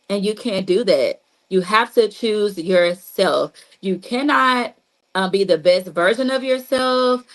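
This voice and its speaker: Her voice sits at medium pitch with a slightly bright quality, captured on a low-quality recording. She's a woman therapist and an adult with a child, casually and repetitively teaching about trauma healing. She speaks right to her listeners, relying heavily on "like" and "you know."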